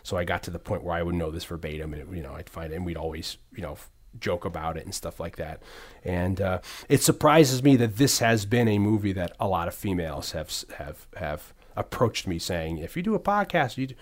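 With a deep voice and a fairly quick pace, a middle-aged podcast host rambles casually about movies, restarting often and filling gaps with fillers.

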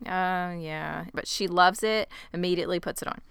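A woman with a bright, crisp voice recaps a show for her co-host in casual chat. She tells it wryly, drops sarcastic asides and acts out the lines as she goes. The sound is close and dry. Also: lowish voice, normal speed, no room sound. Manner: wry, sarcastic storytelling, acting out lines.

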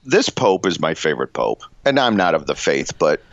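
A man's voice: rumbling low, big pitch swings, moderate pace, fairly bright tone, no echo. A man co-hosting a podcast, casual comedic banter, rambling and self-interrupting with frequent laughs. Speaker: podcast co-host. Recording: dull lo-fi dry recording.

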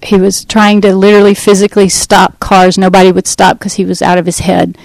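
A middle-aged woman telling her personal testimony in an earnest, conversational way, pausing and restarting as she goes. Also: mid-range voice, completely flat delivery, vocal fry, no room sound, poor audio. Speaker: speaker giving a testimony.

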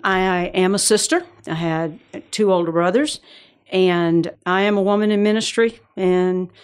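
A woman's voice: fairly low pitch, a little slow, smooth. Woman in her 60s, Georgia Southern accent, podcast guest, folksy, self-deprecating chat. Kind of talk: casual chat.

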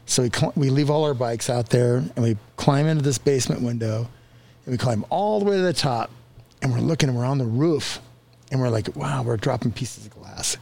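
A man's voice: mid-range voice, brisk. A man telling a childhood story in casual conversation, laughing often and acting out the voices of the people in it. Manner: animated, laughing through his story, acts out quotes.

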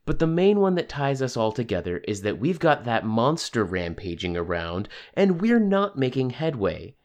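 A man reading an audiobook, voicing a brash, sharp-tongued young woman schemer who talks bluntly and mocks others. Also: medium pitch, big pitch swings, voice pushed up. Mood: impatient. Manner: blunt, mocking, fast-thinking.

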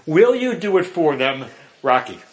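A man voicing an earnest male priest who solemnly urges a condemned friend, speaking slowly and deliberately. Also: on the high side, very animated. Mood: urging. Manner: solemn, urging, slow and deliberate. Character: earnest older male priest pleading with a convict.

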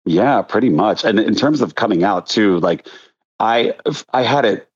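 Chatty man, low voice, lo-fi sound. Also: unhurried, slightly rough. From Delaware County outside Philadelphia, USA. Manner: chatty, restarts often, animated storytelling. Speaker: choreographer, guest. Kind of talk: casual interview chat. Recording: dull lo-fi recording.

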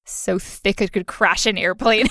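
A woman's voice: mid-range voice, a little slow, bright, forceful tone, dry recording, studio quality. A young woman co-hosting a podcast in casual chat, joking and telling playful stories. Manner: jokey, playful storyteller. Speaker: podcast co-host.

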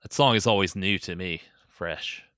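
A man with a cold and a sore throat chats loosely as a podcast co-host, joking and laughing between lines. His voice sits low but cuts through brightly and forcefully. The sound is dry and close, with no room around it. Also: normal speed, no room sound. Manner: joking, laughs often, sings off-key bits for fun. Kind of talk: casual chat.

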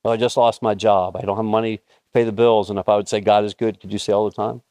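A man's voice: fairly low pitch, fast, dry recording. Fifties grandpa guy preaching, chatty storytelling, dry close sound. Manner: conversational, storytelling with rising excited peaks. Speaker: pastor. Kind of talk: sermon.

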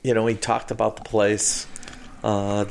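A man's voice: fairly low pitch, little pitch movement, measured pace, gravelly, darkish tone, a little hiss or hum. A man co-hosting a casual podcast chat, telling a rambling story and circling back to it. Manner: rambling storyteller, repeats himself. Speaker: podcast co-host.

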